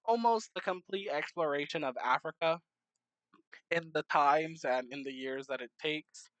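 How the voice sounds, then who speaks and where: A young adult talks through a map timelapse in casual commentary, rambling and correcting themselves as they go. The pitch sits in an ordinary middle range. The recording is dry and close, with no room sound. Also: unhurried, a bit bright, no echo, poor audio. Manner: rambling, many fillers and self-corrections, joking asides. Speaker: narrator of a map timelapse series.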